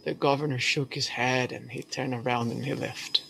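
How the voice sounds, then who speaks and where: A man's voice: medium pitch, fairly even intonation, moderate pace, gravelly, a bit bright, slight background noise. A man preaching a sermon as pastor, telling a story earnestly with hesitations.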